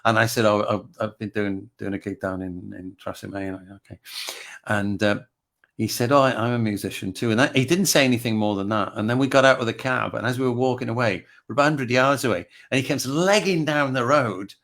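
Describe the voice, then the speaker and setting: A man from England with an ordinary mid-range voice hosts a relaxed online music show. He chats loosely, telling a story with hesitant ums and easy laughter. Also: medium pitch, brisk. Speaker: host. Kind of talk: casual live-stream chat.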